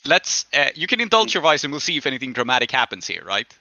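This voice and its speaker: An easygoing male game master who laughs a lot while he describes scenes and calls for rolls. His voice is very bright, and it is recorded dry and close. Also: mid-range voice, big pitch swings, fast talker, no room sound, low-quality recording. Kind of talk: running a tabletop game.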